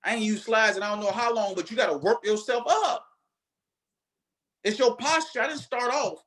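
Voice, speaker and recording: A man delivers a motivational talk to his marketing team in a very high voice. He preaches with energy and drives his points home by repeating them. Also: moderate pace, a bit bright. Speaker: network marketing leader.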